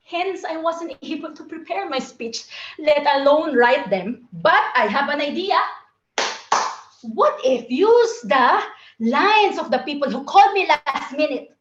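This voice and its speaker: High-voiced woman telling a playful tall tale. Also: lively intonation, a little slow, echoey room, lo-fi sound. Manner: playful, theatrical, acts out phone calls. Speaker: contest speaker. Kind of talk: humorous tall-tale speech over video call. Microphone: video call.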